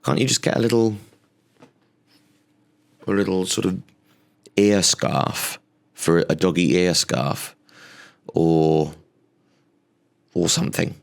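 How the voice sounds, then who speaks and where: Man, comedy podcast host, gravelly voice, rambling, facetious, sweary. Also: low-pitched, takes it slowly, pauses often.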